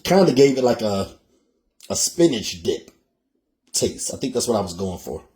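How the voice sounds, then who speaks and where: A man with a Philadelphia accent walks viewers through a recipe step by step, chatty and easygoing. His voice sits a little low, with a warm, mellow tone. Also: very animated, normal speed. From Philadelphia, USA. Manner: chatty, addresses viewers as "y'all". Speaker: cooking show host. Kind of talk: casual cooking tutorial.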